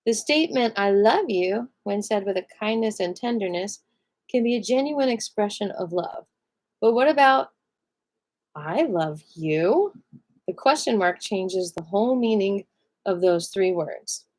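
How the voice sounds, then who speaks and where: A woman's voice: medium pitch, normal speed, darkish tone. A tired woman reading a self-help book aloud on a live stream, breaking off now and then for chatty asides. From American.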